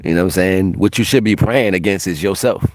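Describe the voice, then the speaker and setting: Man, low-pitched, livestream host, profane, brash, laughs a lot, dry close sound. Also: quick pace, a little mellow, dry recording. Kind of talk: casual livestream monologue.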